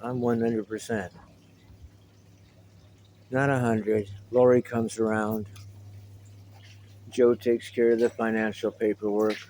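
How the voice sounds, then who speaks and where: A man's voice: lowish voice, flat delivery, takes it slowly, pauses often, dark tone, slight background noise, low-quality recording. A middle-aged man talking casually to the camera in a meandering, reminiscing way, with wry asides. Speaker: vlogger. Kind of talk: casual rambling monologue to camera.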